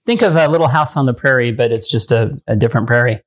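A man's voice: medium pitch, fast, fairly bright tone. A man hosting a casual tech podcast who thinks aloud, with frequent ums and restarts. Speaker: podcast host.

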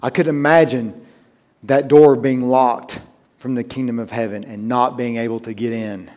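A man's voice: medium pitch, steady tone, normal speed, a little mellow. A man preaching a sermon, telling a personal story in a conversational way that builds to emphatic urgency.

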